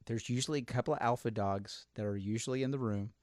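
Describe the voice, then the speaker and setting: An animated man hosting a podcast, telling stories and slipping into the voices of people he quotes. His voice sits in a middle pitch, and the recording is close and dry with no room sound. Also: quick pace, no echo. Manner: animated storyteller, acts out quotes. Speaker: podcast host. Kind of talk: casual chat.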